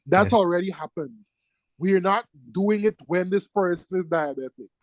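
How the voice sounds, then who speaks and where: A male teacher giving a classroom lecture, lively and teasing, firing questions at his students. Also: high-pitched, moderate pace, dry recording, rough recording.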